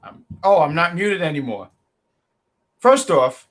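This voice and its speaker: A slightly high, sing-song male voice with a fairly bright tone, speaking a little slowly, co-hosts a casual wrestling review podcast from a home mic. He jokes around and plays the heel, dishing out playful trash talk.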